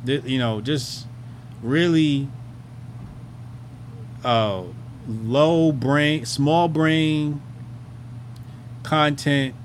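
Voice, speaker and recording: A man's voice: fairly high pitch, very slow, pauses often, slight background noise. A man hosting a commentary show, talking in a loose, rambling way, swearing freely and trailing off into fillers. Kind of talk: casual profane commentary.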